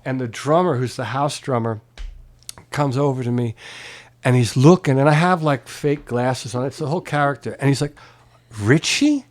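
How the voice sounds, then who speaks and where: A man being interviewed at home, telling a long story casually, acting out the other people in it and swearing freely. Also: mid-range voice. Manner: animated, swears freely, acts out quoted voices. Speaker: guest musician. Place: private home.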